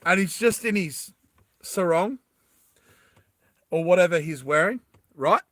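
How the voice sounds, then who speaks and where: A man's voice: high-pitched, expressive, a little slow, fairly bright tone, no echo. A young man casually telling a comic story, rambling and laughing at his own ideas.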